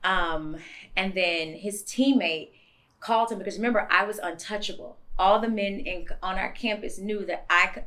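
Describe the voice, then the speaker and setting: A woman's voice: medium pitch, moderate pace. A woman in her thirties, a podcast co-host, telling a frank, confessional story in candid chat. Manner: frank, confessional, animated retelling.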